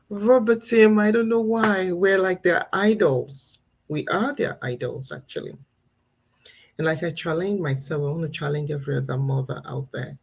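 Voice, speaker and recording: A woman in her thirties, a parenting vlogger, speaks in a low, gravelly, slightly mellow voice with a breathy edge over a rough recording. In a casual live-stream, this mother shares earnest, reflective thoughts, laughing now and then between points.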